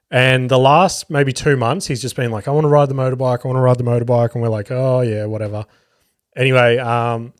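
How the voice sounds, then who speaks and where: A man's voice: medium pitch, no room sound, clean studio sound. A man in his thirties with an Australian accent, chatting casually on his solo podcast, rambling with plenty of swearing and filler words. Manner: rambling, swears freely, lots of ums and likes. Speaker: podcast host and comedian.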